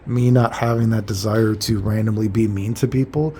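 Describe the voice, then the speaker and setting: A man's voice: lowish voice, steady tone, normal speed, dark tone, a little hiss or hum. A man talking casually to his viewers in a rambling monologue, swearing freely and retelling his arguments with "you know" and "I'm like" again and again. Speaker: vlogger.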